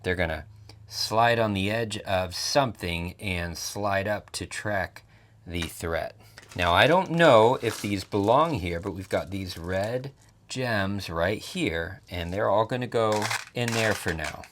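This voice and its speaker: Playful man with a lively low voice. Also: takes it slowly. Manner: playful, jokey commentary. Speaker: board game reviewer. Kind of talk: casual unboxing narration.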